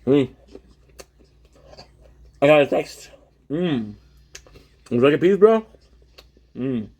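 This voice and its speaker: Slow-talking Québécois man eating on stream. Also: on the high side, lively intonation, a little mellow, highs cut off. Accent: Québécois French. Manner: mixes French and English, chatting to viewers between bites. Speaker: livestreamer. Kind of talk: casual livestream chat while eating.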